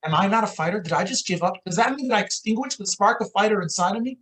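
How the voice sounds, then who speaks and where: A man voicing a gravely ill male patient who is asking urgent, pleading questions about whether he can still fight. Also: high voice, lively intonation, fast, a bit bright, voice pushed up.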